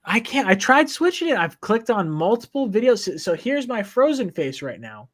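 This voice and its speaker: A man's voice: high voice, very animated, moderate pace, fairly bright tone. A man hosting a casual live stream from home, joking and reading viewer comments aloud. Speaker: podcast host reading chat. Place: at home, downstairs. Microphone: phone.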